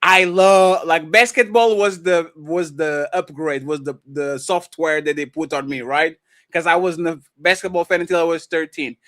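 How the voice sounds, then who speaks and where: A man co-hosting a casual livestream chat, excitable and profane, laughing often. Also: a little high, moderate pace, no room sound, clean studio sound. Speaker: co-host.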